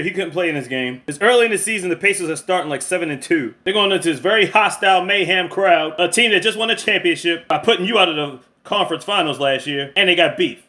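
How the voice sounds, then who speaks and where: A young man recapping a sports documentary in casual, profane chat, acting out his reactions. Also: sits high. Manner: profane, animated, acts out reactions. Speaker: video reviewer.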